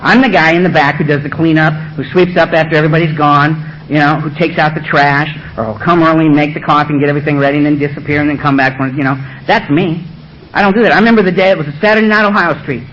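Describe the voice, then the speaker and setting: A middle-aged man telling his recovery story to a meeting, animated and acting out the voices of others. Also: on the high side, fast talker, lo-fi sound, slight background noise. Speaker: AA speaker. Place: meeting room with audience.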